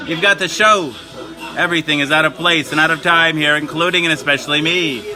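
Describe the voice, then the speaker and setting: A man's voice: on the high side, a little fast, bright, forceful tone. A man performing a theatrical, campy spoken-word monologue on a live stream and reading a children's book aloud in a playful singsong. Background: music.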